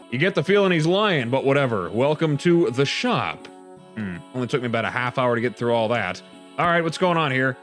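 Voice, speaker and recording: A man's voice: medium pitch, very animated, a little fast, fairly bright tone, faint music behind. A young man giving casual, chatty let's-play commentary as a gaming host, rambling with joking asides.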